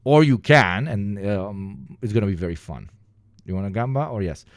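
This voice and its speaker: Loud swearing male streamer. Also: lowish voice, expressive, moderate pace, no room sound, clean studio sound. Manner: loud, swearing, jokey, swings between shouting and muttering. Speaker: streamer reacting to videos. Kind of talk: casual live-stream chat.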